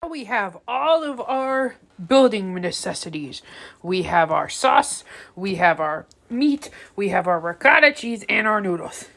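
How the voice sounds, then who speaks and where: A woman's voice: a little high, a bit bright. A young woman casually narrating a home cooking vlog in her kitchen, joking and rambling with offhand asides. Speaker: home cook.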